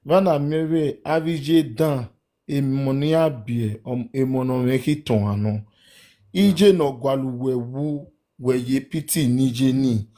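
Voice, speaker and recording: A man's voice: mid-range voice, slow, dark tone. A man with a Nigerian accent, a guest on a live stream, who sounds puzzled and mixes a local language with English.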